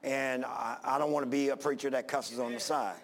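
A man's voice: medium pitch, fairly even intonation, fairly quick, a little hiss or hum. A man preaching a sermon in a folksy, rambling way, full of fillers and restarts.

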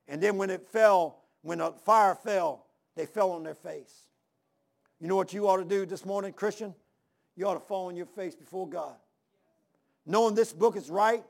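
A man's voice: sits high, gravelly. A man in his sixties preaching a sermon, emphatic and folksy, repeating phrases and calling out amen and hallelujah. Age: 60s. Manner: folksy, drawls "man" and "ain't".

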